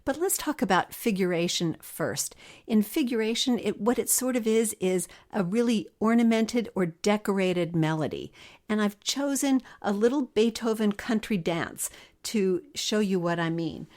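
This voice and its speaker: A woman's voice: mid-range voice, lively intonation, normal speed, a little mellow. A middle-aged woman from the Philadelphia area, teaching harp in a friendly, explanatory way. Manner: friendly explanatory, sings rhythms. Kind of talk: podcast music lesson.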